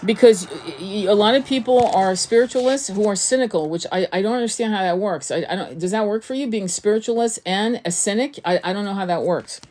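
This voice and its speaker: A woman giving a casual spiritual teaching straight into her phone or webcam. She talks earnestly and loosely, restarting sentences and doubling up words as her thoughts run on, in a voice of ordinary middle pitch. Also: a little fast, few pauses, a little mellow, a little hiss or hum. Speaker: tarot reader and spiritual coach.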